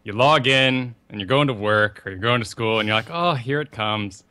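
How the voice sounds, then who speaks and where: A young man co-hosting a casual gaming podcast, telling rambling, animated stories. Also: on the low side, brisk. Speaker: podcast co-host.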